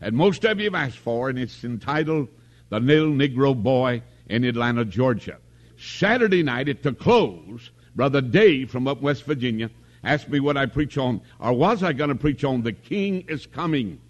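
A man's voice: medium pitch, lively intonation, moderate pace, dull audio. An older man preaching a revival sermon in a tabernacle, folksy and storytelling, calling for amens.

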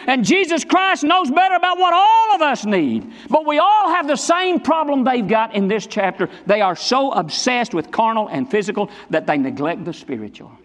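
A male pastor preaching a sermon in a church sanctuary, emphatic and repetitive, swinging between low and high passages. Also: a bit bright. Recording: long church reverb.

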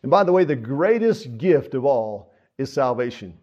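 A man's voice: mid-range voice, big pitch swings, normal speed, darkish tone. A man preaching a sermon as pastor, earnest and folksy, with frequent fillers. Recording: dull lo-fi sound.

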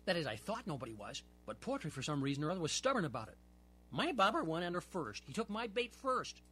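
Male storyteller, children's book read-aloud, husky voice, very animated pitch. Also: fast. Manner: lively, expressive storytelling.

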